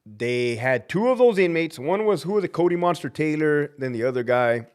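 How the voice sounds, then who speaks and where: A man's voice: expressive, normal speed, a little mellow, smooth. A man hosting a live stream as a prison guard, talking in a blunt, fired-up, profane way and acting out quoted people. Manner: acts out quoted people with big pitch jumps. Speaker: livestream host and prison guard.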